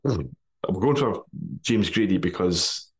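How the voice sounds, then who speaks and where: Scottish male podcast host, lowish voice, jokey banter, laughs a lot. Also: animated, slow. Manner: jokey, laughs often, broad dialect words. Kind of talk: casual football podcast chat.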